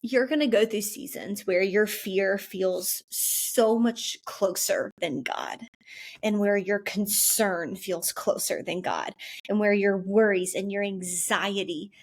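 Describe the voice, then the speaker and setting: A young woman hosting a casual faith-based podcast, chatty and animated, with many "like" fillers. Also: mid-range voice. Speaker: podcast host.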